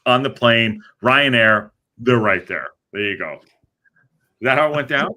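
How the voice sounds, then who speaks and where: Male podcast host, bright and animated, teasing casual banter. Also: mid-range voice. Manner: lively, teasing, quick interjections.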